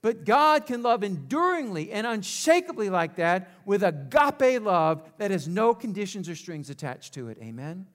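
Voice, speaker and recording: A man's voice: high-pitched, sing-song, moderate pace, hardly any pauses, a bit bright. A male pastor preaching a sermon, asking rhetorical questions and leading the congregation in call-and-response.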